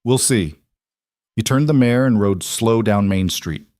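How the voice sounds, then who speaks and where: A man narrating a western story in a measured, grave storytelling manner. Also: lowish voice, darkish tone, no echo, clean studio sound.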